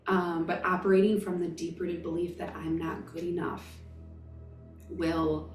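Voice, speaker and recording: A woman's voice: lowish voice, level tone, measured pace, roomy sound, recorded from a distance, soft background music. A woman in her thirties, a spiritual vlogger, telling a personal story in an emotional, emphatic, gushing way.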